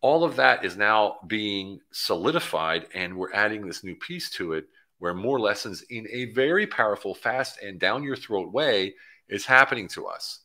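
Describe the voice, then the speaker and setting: A middle-aged man, a coach hosting a livestream, chatting casually and excitedly with viewers and rambling from topic to topic. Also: fairly low pitch, moderate pace. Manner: excitable, rambling, hypes his program, jumps between topics. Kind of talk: casual livestream chat, reading out viewer comments.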